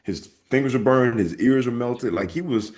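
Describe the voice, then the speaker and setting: A man's voice: medium pitch, normal speed, a little mellow. A man from Alabama co-hosting a podcast, telling candid stories in casual chat. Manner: candid, storytelling, often mimics voices. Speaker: podcast co-host.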